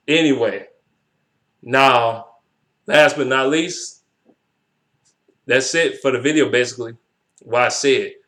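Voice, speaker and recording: A young man ranting heatedly about basketball as a sports vlogger, swearing and repeating himself. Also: a little high. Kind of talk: profane sports rant.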